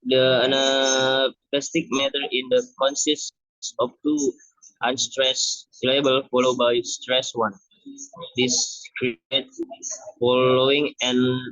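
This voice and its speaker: A young man giving a class presentation on a poem, reading haltingly and restarting words. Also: mid-range voice, a bit bright, dry recording. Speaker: student presenter. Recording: dull lo-fi recording.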